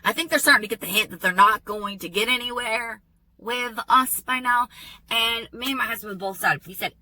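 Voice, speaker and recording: A woman telling a personal story in a vlog, in an animated, emphatic storytelling manner. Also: on the high side, moderate pace, no room sound, rough recording. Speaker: vlogger.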